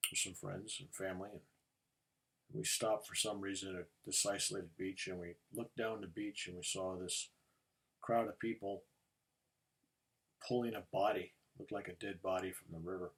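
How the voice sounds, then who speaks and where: Gravelly husky older man telling a story. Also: low voice, normal speed, pauses often. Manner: earnest storytelling, rising to loud urgency. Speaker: reverend. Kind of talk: personal testimony.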